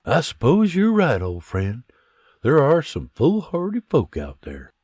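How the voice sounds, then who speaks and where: A man's voice: a little high, huge pitch swings, unhurried, a little mellow, husky, no echo, studio quality, pitched above the performer's own voice, heavily acted. A man voicing a kindly colonial settler who speaks formally and politely. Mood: earnest.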